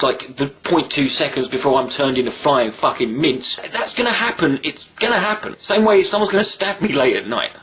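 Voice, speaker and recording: Animated, swearing man, slightly high. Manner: animated, swears freely, rambling asides. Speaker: vlogger. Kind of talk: casual storytelling monologue.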